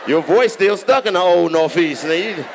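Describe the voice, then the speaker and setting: A man with a Washington DC accent doing stand-up, ribbing the audience with loud, profane banter. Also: high voice, expressive, normal speed, slight background noise. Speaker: stand-up comedian. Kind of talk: crowd work stand-up. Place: large theater on stage.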